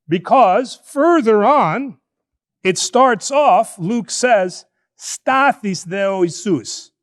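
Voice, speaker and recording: Priest, male, high voice, lively conversational sermon delivery in a church. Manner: animated, conversational preaching with drawn-out emphasis.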